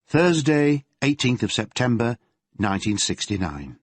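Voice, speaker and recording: A male narrator reading a crime novel in a measured storytelling manner. His voice is husky and animated in pitch. The recording is dry and close. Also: no echo. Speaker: audiobook narrator. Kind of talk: scripted narration.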